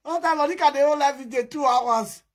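A young Nigerian woman rattles off lively gossip in a high, bright voice. She laughs often, bursts into shouts and puts on other people's voices as she tells the story. Her delivery is loose and excitable from start to finish. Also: a little fast. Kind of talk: animated gossip monologue in Pidgin.

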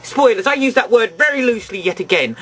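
A man's voice: high voice, expressive, quick pace, fairly bright tone, slightly rough. A man giving a ranting, sarcastic film review in an exasperated tone.

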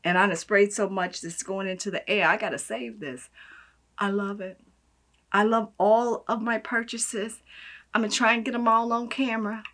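A woman vlogging a casual unboxing, gushing and effusive, swinging between hushed asides and loud exclamations. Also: mid-range voice, fairly even intonation, normal speed. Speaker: beauty vlogger.

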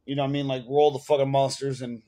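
A man's voice: mid-range voice, little pitch movement, racing, warm tone. A man with a New York accent ranting casually to the camera at home, profane and rambling, full of fillers. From Bronx, New York. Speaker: vlogger.

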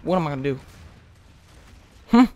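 A teenage young man giving rambling, excitable commentary over gameplay, close to his mic. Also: a little high, normal speed, highs cut off. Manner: rambling, hyped, self-mocking. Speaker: gaming commentator. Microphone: close desk mic.

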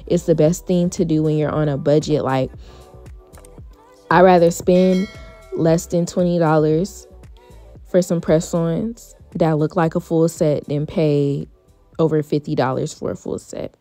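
Low, mellow-voiced woman vlogger. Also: unhurried, faint music behind. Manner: chatty, relaxed, frequent fillers. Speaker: beauty vlogger. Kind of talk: casual tutorial voice-over.

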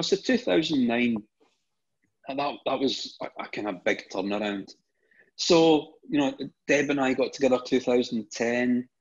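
A middle-aged Scottish man, a guest on an interview show, telling stories casually and often repeating words at the start of his phrases. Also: medium pitch. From Scotland. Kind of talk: casual anecdotal storytelling. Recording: dull lo-fi recording.

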